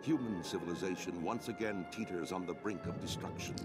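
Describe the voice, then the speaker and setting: A man voicing a grave male storyteller narrating the opening of a fantasy game, in epic narration style, with loud game music behind. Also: low-pitched, fairly quick, lightly acted. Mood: solemn.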